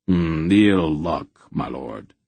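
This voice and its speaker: A man's voice: very deep voice, lively intonation, drawn-out words, creaky, darkish tone, breathy edge, no echo, exaggerated voice. A man voicing a haughty male knight who speaks in formal, mock-courteous archaic phrases. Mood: smug.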